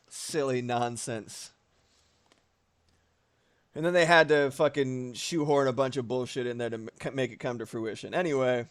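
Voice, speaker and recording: This young man's medium-pitched voice is smooth and unhurried as he draws and chats on a livestream, swearing, rambling and filling gaps animatedly. The sound is studio quality with no echo.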